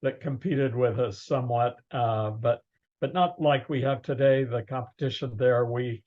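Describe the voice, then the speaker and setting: An older man, a guest in a casual interview, speaking in a plain, measured way. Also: mid-range voice, fairly even intonation, a little mellow, lo-fi sound.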